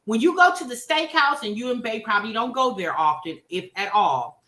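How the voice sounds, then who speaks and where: A woman hosting a livestream, ranting at a viewer in an animated, exasperated way. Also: a little high, brisk. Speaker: host. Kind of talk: livestream commentary. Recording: roomy echo.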